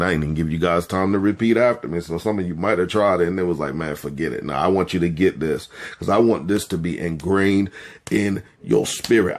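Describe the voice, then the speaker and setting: Preacherly man leading affirmations. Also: lowish voice. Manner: leads call-and-response affirmations, emphatic and preacherly; builds rising emphasis on repeated phrases. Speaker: webinar host. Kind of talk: motivational webinar talk.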